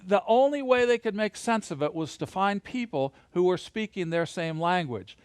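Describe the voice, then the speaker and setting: Animated man teaching to camera. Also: high voice, normal speed, clean tone, dry recording. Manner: animated, playful, leads hand motions. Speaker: Bible teacher. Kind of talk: recorded Bible lesson to camera. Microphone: camera mic.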